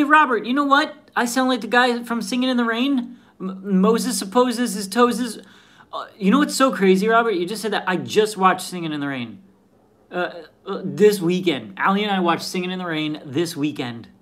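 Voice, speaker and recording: A man's voice: high-pitched, a bit bright. A man hosting a casual live stream, who stammers and repeats his words as he chats.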